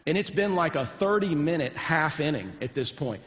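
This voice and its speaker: A man's voice: fairly high pitch, lively intonation, moderate pace, fairly bright tone. A man, a pastor, telling a folksy, humorous story in a sermon, recorded with long hall reverb in a large church.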